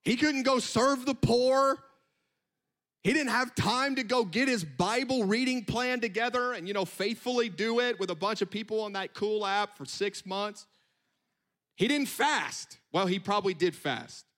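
A man preaching a sermon in an animated, conversational way, with quick asides. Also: high-pitched.

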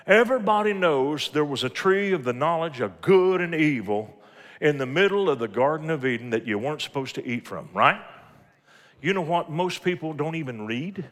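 A man's voice: a little high, expressive, moderate pace, fairly bright tone. A middle-aged man preaching a sermon, telling folksy stories from family life and quoting scripture. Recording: long hall reverb.

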